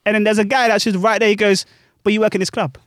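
A young man, a club DJ telling animated stories in casual chat full of slang. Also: high voice, fast talker, no echo, studio quality. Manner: animated, laughing anecdotes with British slang.

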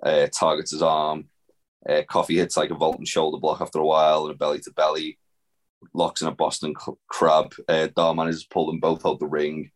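A man's voice: a bass voice, completely flat delivery, fairly quick. A man co-hosting a podcast, recapping wrestling in a rambling, casual way, swearing freely and with lots of fillers. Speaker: podcast co-host. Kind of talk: casual wrestling review chat.

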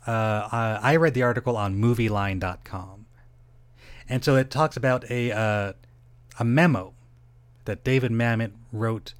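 A man's voice: fairly low pitch, dry recording. A middle-aged man hosting a solo podcast, rambling, interrupting himself and swearing casually. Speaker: podcast host.

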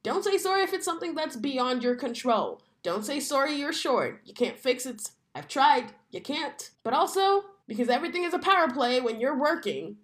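A woman in her thirties hosts her own podcast in a chatty, wry monologue, laughing often. Her voice sits a little high and swings widely as she talks. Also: sing-song, moderate pace, few pauses. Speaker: podcast host.

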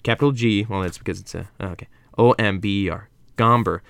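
A man's voice: lowish voice, fast, vocal fry, a bit bright, clear, resonant tone, dry recording, studio quality. A young man reading a book aloud, rambling off into profane asides and drinking vodka as he goes, into a computer mic at a desk. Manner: rambling, profane, self-interrupting. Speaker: reader and host.

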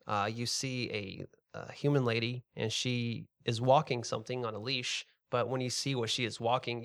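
A man narrating a tabletop game as game master, describing scenes in a relaxed second-person way. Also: mid-range voice.

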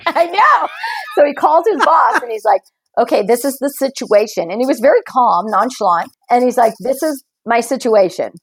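A woman's voice: high-pitched, moderate pace, slightly rough, dry recording, rough recording. Laughing woman telling a story. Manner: animated storyteller, laughs often. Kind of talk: casual conversation.

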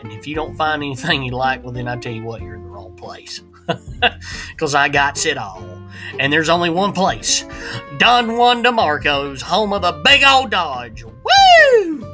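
A man putting on a loud used-car dealer in a mock radio commercial, hollering hard-sell slogans. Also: on the high side, animated, moderate pace, music in the background, pitched above the performer's own voice, lightly acted. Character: loud fast-talking male used-car dealer pitchman.

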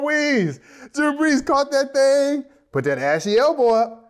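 High, lively man telling a story. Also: measured pace. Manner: excitable, often breaks into wheezing laughter. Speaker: podcast co-host, former football player. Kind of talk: animated storytelling.

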